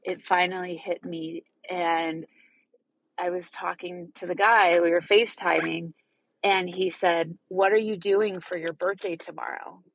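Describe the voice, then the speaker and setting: A woman in her thirties telling a personal story in a vlog, halting and tearful, often restarting her sentences. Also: fairly low pitch, level tone, slight background noise. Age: 30s. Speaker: vlogger. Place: parked car.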